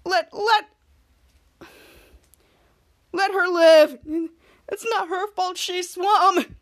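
A woman's voice: slow, fairly bright tone, exaggerated voice. A woman quoting a teen boy superhero sidekick, reading his lines dramatically in a raised voice. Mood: dramatic. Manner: paraphrased quotes read with a raised pitch.

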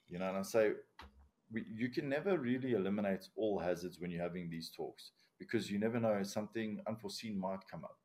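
A very deep-voiced man with a non-native English accent talks through work procedures in a relaxed podcast chat. He lays things out step by step, plainly and bluntly, with casual swearing mixed in. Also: a little fast. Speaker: commercial diver, guest.

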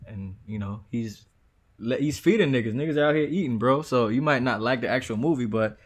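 A man's voice: mid-range voice, a little fast. A man with a mid-range voice chats on a podcast. He talks in a laid-back, blunt way, full of slang. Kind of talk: casual podcast chat.

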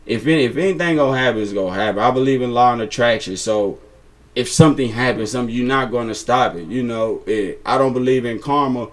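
A man's voice: medium pitch, quick pace. Laid-back rambling man, casual chat. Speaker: guest.

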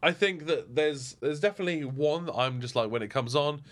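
Brisk and a little bright, this man's voice sits on the high side. He's co-hosting a podcast from home, chatting casually, rambling and laughing while he acts out stories indoors.

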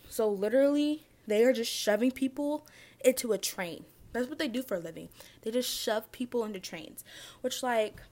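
Chatty young woman rambling on a vlog. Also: medium pitch. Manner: chatty, rambling, many "like" fillers, stumbles over words. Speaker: vlogger. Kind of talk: casual vlog, reading a list aloud.

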